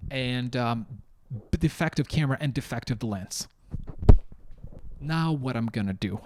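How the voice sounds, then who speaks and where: A young man from Ukraine, telling a story to camera in a blunt, animated way and swearing freely. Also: mid-range voice. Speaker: vlogger.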